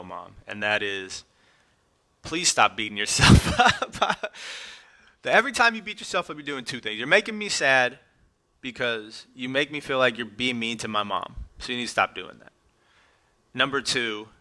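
Man with a bright, emotional podcast voice. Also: mid-range voice. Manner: emotional, casual, addresses loved ones directly. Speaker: podcast host. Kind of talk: heartfelt podcast monologue.

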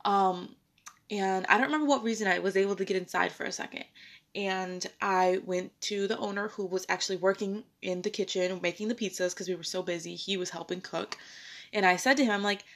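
A woman's voice: medium pitch, moderate pace. A young woman telling a personal work story in casual conversation, acting out the dialogue she quotes. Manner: animated, acts out quoted dialogue.

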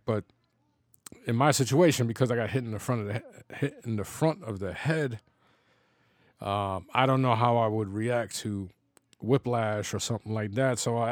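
A man's voice: mid-range voice, dry recording, clean studio sound. A man of fifty telling personal stories in a casual, rambling way, laughing often and restarting his sentences. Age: 50s. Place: home.

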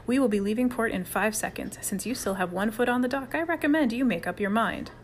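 Woman doing a brisk bossy boy sailor. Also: fairly high pitch, slight background noise, natural voice. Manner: crisp, commanding, playful mock-sailor.

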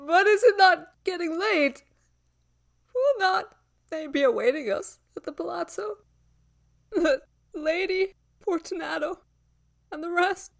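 A woman voicing a desperate noble Italian man walled up alive, laughing shrilly and crying out wildly loud. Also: very high-pitched, expressive, a little slow, vocal fry, long pauses, voice pushed up, exaggerated voice. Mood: anxious pleading.

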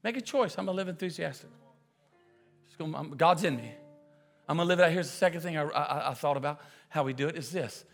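A male pastor preaching a sermon full of comic stories, with excitable shouting bursts and quick asides. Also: a little high, faint music behind. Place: church auditorium. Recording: preaching in a large echoing hall with audience.

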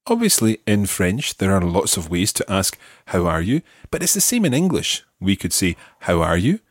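This is a man hosting a language lesson, with a low and slightly husky voice. His pitch moves a lot as he explains, and he slows down to model words clearly. The recording is close and dry. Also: sing-song, no echo. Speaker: language course host and teacher. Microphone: close studio mic.

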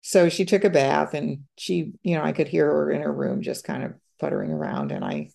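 Older woman with a gravelly voice. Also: deep voice, expressive, mellow. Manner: halting, repeats words, quotes others. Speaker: guest. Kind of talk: personal storytelling in conversation.

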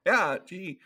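A man co-hosting a podcast, casually recapping film scenes and acting out quick quotes in between laughs. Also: high voice, sharp tone, husky. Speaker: podcast co-host. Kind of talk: casual movie recap chat.

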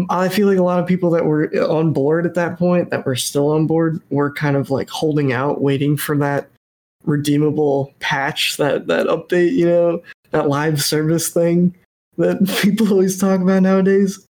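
A man's voice: on the high side, steady tone, unhurried, darkish tone. A man co-hosting a casual gaming podcast, rambling and hedging as he talks. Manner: rambling, hedging with fillers, laughs between phrases. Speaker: podcast co-host.

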